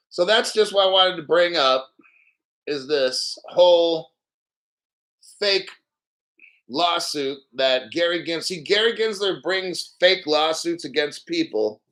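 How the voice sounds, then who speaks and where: A man's voice: a little high, lively intonation, slow, creaky, pauses often, a bit bright. A man hosting a live stream, ranting in disbelief with frequent laughter and swearing. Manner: incredulous, laughs often, swears. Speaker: livestream host. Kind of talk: live commentary rant.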